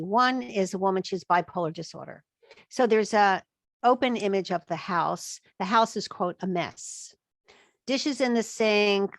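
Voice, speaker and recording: On a podcast, a woman with a medium-pitched voice is interviewed as a guest expert on chronic illness. She's emphatic and voices her own inner thoughts as if performing them, with no room sound in the recording.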